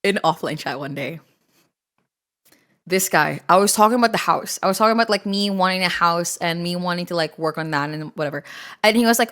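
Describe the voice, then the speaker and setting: A woman streamer chatting casually with her live chat, excitable and quick to swear and laugh. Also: on the low side.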